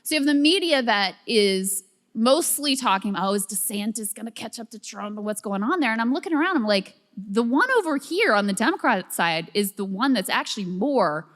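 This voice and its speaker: A woman co-hosting a political commentary show, chatty and quick to laugh, explaining things step by step. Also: on the high side, animated, a bit bright, big-room sound. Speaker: co-host.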